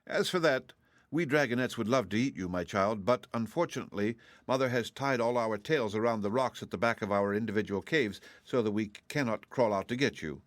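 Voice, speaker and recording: A man's voice: on the low side, a little fast, no echo, close to an everyday voice. A man voicing a proud, polite young dragon with a drawling, haughty manner.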